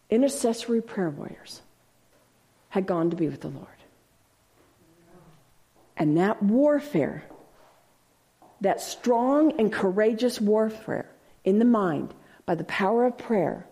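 A woman with a mellow, mid-range voice teaches from the Bible in a sermon. She reads verses aloud, repeats key phrases for emphasis, and asks listeners to say them back after her.

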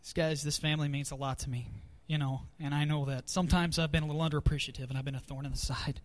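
A man's voice: on the high side, steady tone, fast talker. A youth pastor, a man, giving a heartfelt farewell tribute at a church gathering, choked up with emotion and laughing nervously.

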